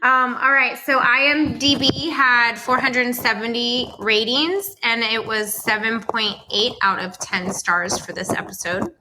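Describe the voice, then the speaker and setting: A woman's voice: fairly high pitch, steady tone, unhurried, hardly any pauses, background noise. A woman co-hosting a podcast, chatting casually in an upbeat way and laughing often. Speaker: podcast co-host. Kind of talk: casual chat.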